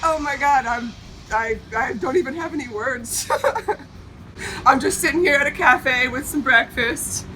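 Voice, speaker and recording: A woman on a phone call from a cafe, tearful, laughing and gushing with excited exclamations. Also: sits high, a little slow, heavy background noise. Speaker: contest winner on a phone call. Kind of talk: casual phone conversation.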